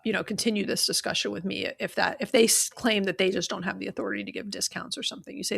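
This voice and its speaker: Woman, podcast co-host, chatty, filler words, gravelly edge. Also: mid-range voice, fast, hardly any pauses. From American South. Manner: chatty, lots of fillers, acts out call scripts. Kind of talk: casual chat.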